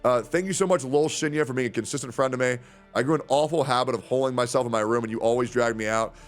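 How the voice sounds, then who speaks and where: A young man streaming in casual chat, animated and swearing freely. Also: medium pitch, quick pace, faint music behind. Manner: animated, swearing, jumps into impressions.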